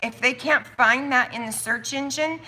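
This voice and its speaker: Bright-voiced chatty woman thinking aloud. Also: high voice. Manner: chatty, thinking out loud, quick asides and laughs. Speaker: soap maker hosting a live stream. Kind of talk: casual livestream chat.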